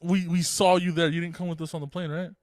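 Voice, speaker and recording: A young man tells a rambling story on a casual podcast, swearing freely and breaking into laughs. His voice sits high for a man, and the sound is dry and close with no room echo. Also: little pitch movement, fast. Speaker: podcast co-host.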